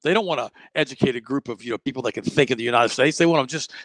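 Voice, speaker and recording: A man's voice: mid-range voice, very fast, a bit bright, no room sound. A man speaking as a guest on a talk show, preachy and quoting scripture. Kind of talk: casual chat.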